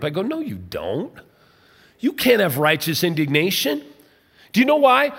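A man preaching a sermon in a conversational way, his voice dropping low and quiet to stress points. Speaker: pastor. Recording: long hall reverb.

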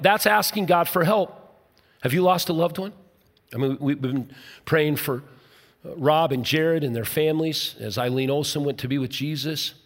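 A middle-aged male pastor preaching a sermon, jokey and conversational, dropping now and then to a soft, low voice. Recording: long hall reverb.

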